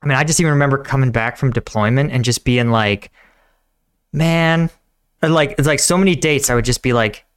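Male host, mid pitch, smooth voice, casual and hesitant. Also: fairly quick. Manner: rambling, hesitant, many fillers. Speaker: host, combat veteran. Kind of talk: casual podcast chat.

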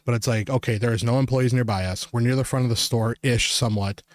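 A man's voice: medium pitch, steady tone, fast talker, no echo. A man on a podcast telling a long, profane story, emphatic and rambling, with lots of "like" and "you know.". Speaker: podcast co-host. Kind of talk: ranting anecdote to co-hosts.

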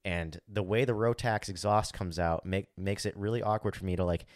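Low-voiced man telling a story animatedly. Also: a little fast, no room sound, clean studio sound. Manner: animated, acts out his own inner thoughts, swears freely; frequent "like" fillers. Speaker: podcast co-host. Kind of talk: casual chat, storytelling.

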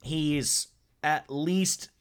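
A man co-hosting a podcast, talking casually about a film in quick, animated bursts and repeating words as he gets going. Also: fairly high pitch, clear, resonant tone. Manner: animated, fast, repeats words when excited. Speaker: podcast co-host. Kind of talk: casual movie discussion.

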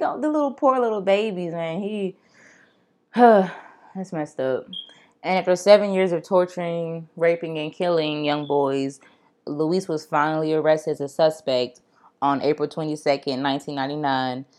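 Young female podcast host with a low voice; casual, blunt true-crime storytelling with asides to listeners. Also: steady tone, moderate pace, a little mellow.

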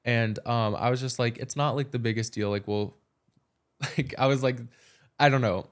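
A man's voice: medium pitch, steady tone, normal speed. A young man co-hosting a podcast. He tells stories casually and fills them with "like" as he goes. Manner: storytelling, fillers of "like" throughout. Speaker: podcast co-host. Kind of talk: casual chat.

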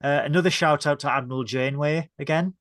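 A man's voice: a little high, fast, fairly bright tone. A man from the north of England, co-hosting a podcast review in casual chat and playfully acting out scenes. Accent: Northern English. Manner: playful, acts out scenes in mock voices. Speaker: podcast co-host.

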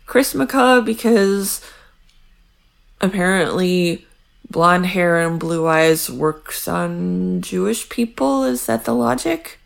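Woman, podcast co-host, wry and chatty, unhurried delivery, casual recap talk. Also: on the low side, animated, vocal fry. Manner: wry, chatty, laughs often.

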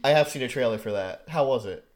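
A man's voice: mid-range voice, animated, fast. A man co-hosting a casual podcast, laid-back, answering in short replies and laughing a lot. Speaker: podcast co-host. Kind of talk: casual chat.

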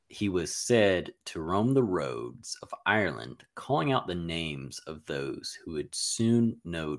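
Podcast co-host, man, very low voice, loose rambling storyteller. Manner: rambling, filler-heavy storytelling with playful jabs. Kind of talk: casual podcast chat.

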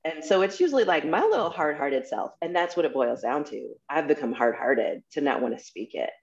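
Woman in her forties, candid podcast guest, low gravelly voice, dull lo-fi recording. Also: animated, brisk. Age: 40s. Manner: candid, frank and chatty. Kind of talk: casual conversation. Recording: dull lo-fi sound.

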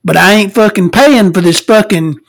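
A podcast host imitating a loud, rude woman diner who curses and refuses to pay. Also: moderate pace, gravelly. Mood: defiant rant. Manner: shrill, cursing, defiant.

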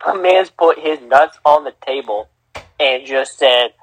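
A man hosting a casual sports talk podcast, animated and emphatic, swearing freely and restarting phrases. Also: on the high side, measured pace, rough recording. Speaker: podcast host.

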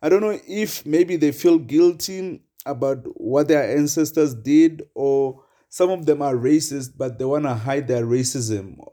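A man's voice: fairly high pitch, a little slow, few pauses, warm tone. A young man hosting a solo podcast, talking casually and rambling with many fillers and chuckles. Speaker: podcast host.

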